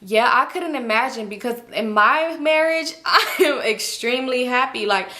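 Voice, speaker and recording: A young woman casually telling a story to her viewers, chatty and slangy, swearing freely and acting out the people she quotes. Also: moderate pace. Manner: animated, acts out quotes with a higher voice. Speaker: storytime YouTuber.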